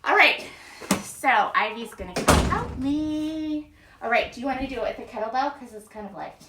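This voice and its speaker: In a high-pitched voice with lively intonation and a moderate pace, a mom cheerfully guides a casual workout at home and counts reps. There is noise in the background, and the room echoes with her voice sounding far away.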